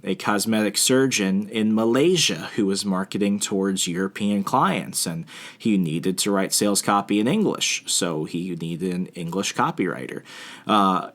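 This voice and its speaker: A man's voice: on the low side, fairly bright tone. A male podcast host giving casual advice in a rambling, self-deprecating way, full of fillers and restarts.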